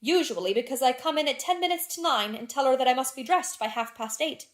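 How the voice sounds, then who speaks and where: Female narrator voicing a teasing young Victorian duchess, chatty, slightly high. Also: lively intonation, quick pace. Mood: playful. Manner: chatty, playful society banter.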